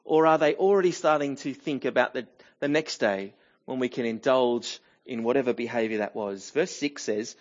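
A man's voice: a little high, normal speed, darkish tone, lo-fi sound. A middle-aged man preaching a sermon in a church, talking in a conversational way with many fillers and restarts. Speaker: pastor.

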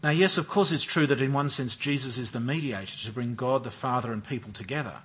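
A man preaching an expository sermon with a measured, emphatic delivery, often repeating and stressing key phrases. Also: medium pitch, fairly bright tone, husky.

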